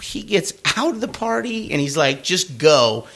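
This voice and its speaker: A man's voice: high voice, normal speed, creaky. A man, a podcast host, telling a story in casual chat, acting out voices with lots of swearing and laughter. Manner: animated, acts out voices, frequent swearing and laughing.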